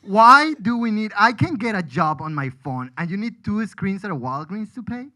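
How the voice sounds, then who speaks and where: A man's voice: high voice, sing-song, normal speed, bright, forceful tone, poor audio. A man from Colombia, a comedian rambling through a self-deprecating stand-up set with frequent restarts.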